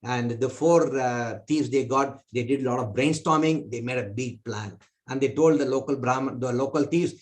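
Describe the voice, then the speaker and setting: A man teaching a spiritual class, telling a parable in an animated way. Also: moderate pace, few pauses. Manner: animated, pitch jumping between voices.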